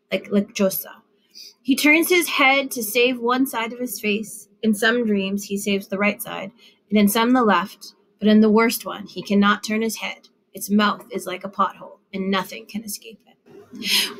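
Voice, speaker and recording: A woman narrating a literary short story in a measured storytelling manner with lively phrasing. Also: medium pitch. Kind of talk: literary fiction reading.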